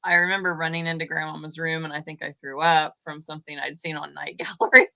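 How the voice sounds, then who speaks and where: A woman hosting a relaxed online chat show, moving the talk along briskly. Her voice sits a little low for a woman but has a bright, forward edge. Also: creaky. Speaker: host. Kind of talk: casual chat.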